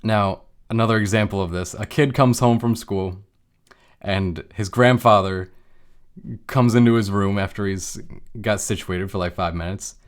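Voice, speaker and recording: A man's voice: on the low side, normal speed, clean tone. A man giving a casual explanatory talk on emotions, walking through made-up everyday examples in a conversational way. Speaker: lecturer on emotions.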